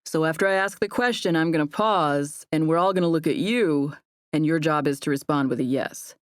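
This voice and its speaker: A woman's voice: low-pitched, a little fast, no echo, natural voice. A woman voicing a laid-back young man who teases in a dry, matter-of-fact way. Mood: playful.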